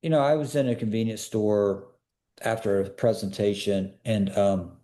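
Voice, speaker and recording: Guesting on a podcast, a personal security expert tells stories during a casual interview, speaking in a lowish, dark voice with fairly even intonation at normal speed. He's earnest and emphatic, repeatedly pressing listeners with questions.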